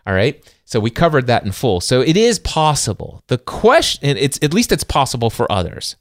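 A man's voice: mid-range voice, big pitch swings, normal speed, dry recording, studio quality. A middle-aged man co-hosting a podcast, talking through a self-help book in an earnest, conversational way with rhetorical questions and frequent restarts. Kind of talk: casual faith-based self-help discussion.

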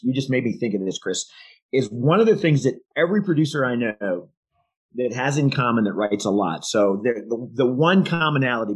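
A man's voice: mid-range voice, breathy edge, low-quality recording. A man co-hosting a casual sales podcast, talking emphatically and rambling with restarts. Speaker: podcast co-host.

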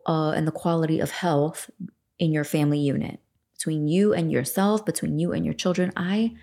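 A woman in her forties hosts a self-help podcast from home, talking in a loose, rambling, candid way and swearing without a pause. Her voice sits a little low, with a gravelly, husky texture. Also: warm tone. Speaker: podcast host. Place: home room facing a lake.

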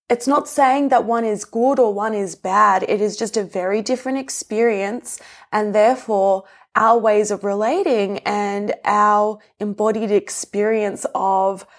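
A young adult woman talking in a casual, earnest way, explaining ideas and sharing personal stories with laughs and asides. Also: medium pitch. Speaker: relationship speaker. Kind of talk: reflective explanatory talk.

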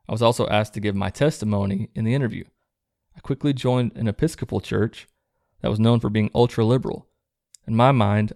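Man, host reading viewer letters, low gravelly voice, flat even delivery, low-key casual asides. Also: no room sound, studio quality.

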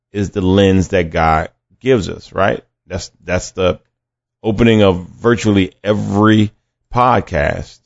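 Gravelly low-voiced man preaching. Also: darkish tone. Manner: conversational, repeats words, acts out quoted voices. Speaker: podcast preacher. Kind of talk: sermon teaching with scripture reading. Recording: dull lo-fi dry recording.

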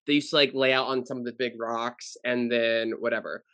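A man's voice: mid-range voice, level tone, brisk, fairly bright tone, smooth, no room sound, clean studio sound. A man co-hosting a casual podcast, rambling through stories with lots of fillers. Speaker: podcast co-host.

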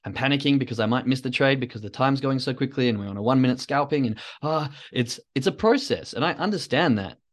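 A man hosting a solo podcast, talking in a rambling, reflective, self-coaching way. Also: medium pitch. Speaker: podcast host.

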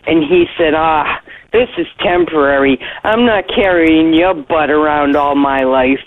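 A middle-aged woman leaving a voicemail, telling a heartfelt personal story in a slow, earnest way with soft pauses. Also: low-pitched. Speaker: listener leaving voicemail feedback. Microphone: phone. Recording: tinny phone line, faint hiss.

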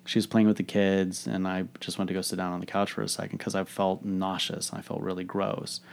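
Low-voiced man telling a frank story. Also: little pitch movement, fairly quick, vocal fry. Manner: frank and reflective, swears freely. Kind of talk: candid personal storytelling monologue.

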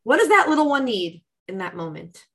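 A woman talking as a guest on a podcast, warm coaching chat that acts out inner voices with lively shifts. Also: a little high, fairly quick, breathy edge, rough recording. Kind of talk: casual interview chat.

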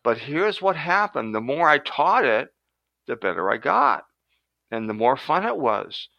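Older man, gravelly animated storyteller. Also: medium pitch, a little slow, no echo, lo-fi sound. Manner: animated storyteller who acts out quotes. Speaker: guest, retired professor. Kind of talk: storytelling in a podcast interview.

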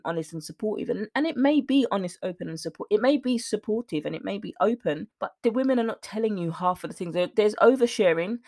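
A woman's voice: fairly low pitch, darkish tone. A woman hosting a podcast as a mindset coach, talking earnestly and emphatically, at times emotional. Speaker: weight loss mindset coach, podcast host. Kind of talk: motivational solo talk.

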